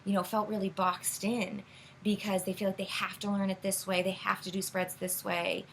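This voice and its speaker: A woman's voice: medium pitch, flat delivery, normal speed, a little hiss or hum, low-quality recording. Rambling woman explaining tarot basics. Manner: rambling, filler-heavy, self-correcting. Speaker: tarot reader. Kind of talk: casual teaching monologue.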